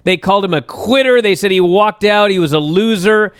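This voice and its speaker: A man hosting a wrestling talk show, telling stories at length in a casual, animated way. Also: high-pitched, brisk, clean tone, no echo, clean studio sound. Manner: animated storyteller, recaps at length. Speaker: wrestling radio show host.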